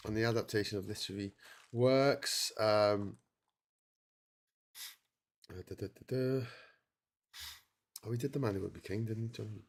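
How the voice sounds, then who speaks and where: A man's voice: lowish voice, measured pace, pauses often. A middle-aged man hosting a long solo livestream, tired and chatting in a rambling, self-interrupting way. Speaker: livestream host. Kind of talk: casual livestream chat. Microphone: streaming setup mic.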